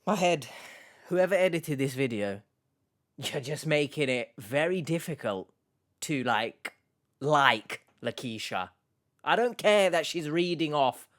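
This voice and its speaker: A man's voice: fairly high pitch, fairly bright tone. A man giving sarcastic, exasperated reaction commentary on a video clip.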